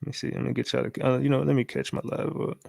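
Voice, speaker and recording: A man hosting a casual livestream, talking loosely, repeating catchphrases and shouting out viewers. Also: mid-range voice, little pitch movement, fast, vocal fry, no echo. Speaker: livestream host.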